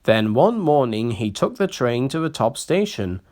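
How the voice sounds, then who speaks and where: Man reading a storybook slowly. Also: medium pitch, very animated, a little mellow. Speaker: narrator.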